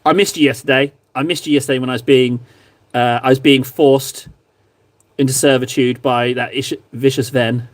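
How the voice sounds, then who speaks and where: A man's voice: mid-range voice, fairly even intonation, normal speed. A young man hosting a livestream, chatting casually and teasing his viewers in a playful, joking way while he paints miniatures. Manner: playful, teasing banter with chat. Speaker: livestream host.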